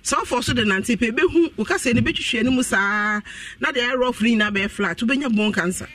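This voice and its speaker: A man's voice: very high voice, pushed and bright. A man, a health practitioner guest on radio, explaining and giving health advice earnestly. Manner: rapid, earnest explaining and advising. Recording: voice distant from the microphone.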